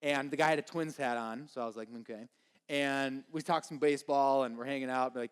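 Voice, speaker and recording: A man from Minnesota preaching a sermon, telling a lively comic story and acting out the voices of the people in it. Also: mid-range voice, a little fast, smooth. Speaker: pastor.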